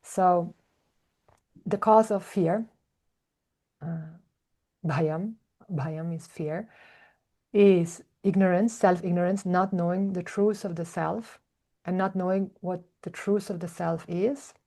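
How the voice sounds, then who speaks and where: A woman giving a reflective spiritual talk, speaking slowly and thoughtfully with soft hums and fillers. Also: lowish voice, fairly even intonation. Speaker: spiritual teacher, podcast host.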